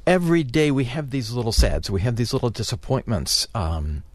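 A middle-aged man giving advice on a call-in radio show, speaking haltingly with many fillers and restarts. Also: mid-range voice, sing-song, no echo. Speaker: guest therapist.

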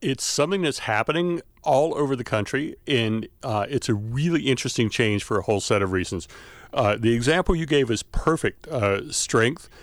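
Male academic guest, halting explanatory delivery, dry close sound. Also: medium pitch, expressive, no room sound. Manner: explanatory, many filler "uh"s. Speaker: linguistics professor, studio guest. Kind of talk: expert explaining on radio.

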